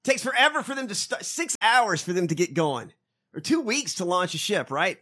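A man's voice: sits high, sing-song, moderate pace, bright, forceful tone. A man co-hosting a podcast in casual chat, mocking and swearing often. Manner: profane, laughing, mocking. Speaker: podcast co-host.

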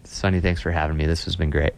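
A man's voice: low voice, fairly even intonation, quick pace, vocal fry, no echo. A man being interviewed as a Christian author, speaking earnestly and emphatically about faith. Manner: earnest, emphatic, paraphrasing scripture. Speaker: author and guest.

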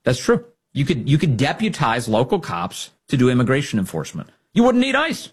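A man hosting a political commentary show, talking in an animated, mocking way. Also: medium pitch, brisk, husky. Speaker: show host.

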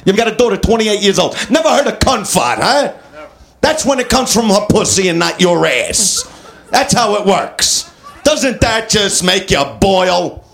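High-voiced crass stand-up man. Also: expressive, unhurried, creaky, a bit bright. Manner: crass, needling the audience. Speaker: stand-up comedian. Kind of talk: crude stand-up routine.

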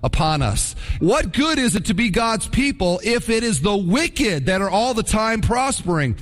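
A man's voice: sits high, very animated, moderate pace, long reverb tail, faint music behind, voice pushed up. A man voicing a whining, reluctant young farmer who pleads and complains.

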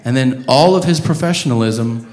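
A male stand-up comedian tells a story on a club stage, swearing freely and laughing through his lines. His voice sits at a middle pitch and carries the room's echo. A clear murmur of the crowd stays beneath him. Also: moderate pace. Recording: echoey live room with crowd noise.

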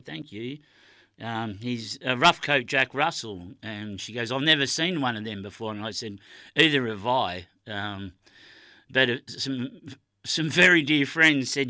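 An Australian man hosts a community radio show, spinning a meandering story full of ums and restarts. His voice is very bright. The studio sound is dry and close. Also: mid-range voice, dry recording. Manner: rambling storytelling with many ums. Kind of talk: casual radio chat. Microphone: studio microphone.

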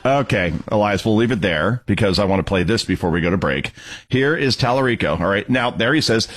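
Male talk radio host, husky and lively, mocking commentary. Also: lowish voice, brisk. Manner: mocking, sarcastic, emphatic.

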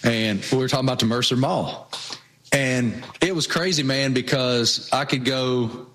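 A man with a Southwest Virginia accent chats casually as a co-host. His pitch sits in an ordinary middle range. He tells stories in a folksy, unhurried way. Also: a bit bright. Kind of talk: casual chat.

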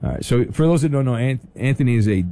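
A man hosting a call-in radio show, teasing callers in a dry, deadpan way with stammered restarts. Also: mid-range voice, quick pace, dry recording. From Southern California. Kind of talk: casual call-in radio banter.

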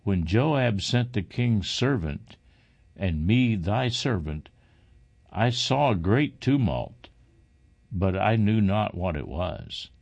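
A man's voice: lowish voice, very animated, slow, gravelly, a little mellow, heavily acted. A man reading the part of an eager young messenger bringing news to the king. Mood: earnest.

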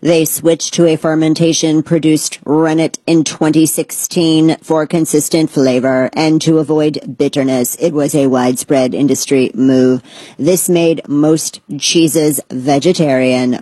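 Dry reciting robot , put on by a husky-voiced woman, low and flat, close dry mic. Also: unhurried, no echo. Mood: flat recital.

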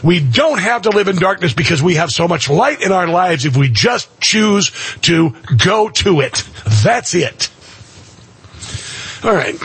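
A man's voice: on the high side, a bit bright, a little hiss or hum. A man in his sixties hosting a talk radio show, delivering an impassioned, preachy monologue and repeating phrases for emphasis. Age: 60s.

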